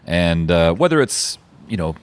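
A man's voice: low voice, very animated. A man who is a voice-matching actor, chatting casually and laughing easily as a guest. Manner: laughs easily, quick reactions. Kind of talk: casual chat.

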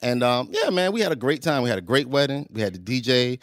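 A man's voice: medium pitch, animated, fast talker, no room sound, studio quality. A man chatting casually on a podcast, telling a rambling story and laughing often. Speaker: podcast co-host. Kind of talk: casual chat.

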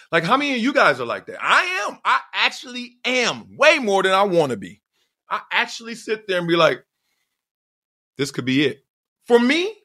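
A middle-aged man hosting a podcast, telling a personal story in an emphatic, digressive way with sudden loud whoops. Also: fairly high pitch. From Southern California. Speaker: podcast host.

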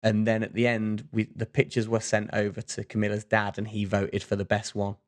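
A man co-hosting a relaxed podcast, rambling through a story with lots of restarts and fillers. His voice sits on the low side. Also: brisk. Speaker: podcast co-host. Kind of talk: casual chat.

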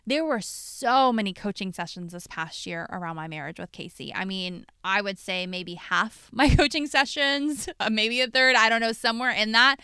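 Woman, podcast host and coach, blunt and profane storytelling, crisp clear voice, dry close mic. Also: mid-range voice, normal speed, pushed and bright, dry recording. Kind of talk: candid podcast monologue.

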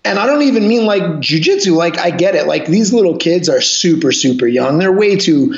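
Gravelly, blunt-talking man in an echoey room. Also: on the high side, expressive, brisk. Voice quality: profane, blunt storytelling. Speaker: guest, jiu-jitsu gym owner and coach. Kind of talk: casual podcast conversation. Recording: echoey room, dull lo-fi sound.

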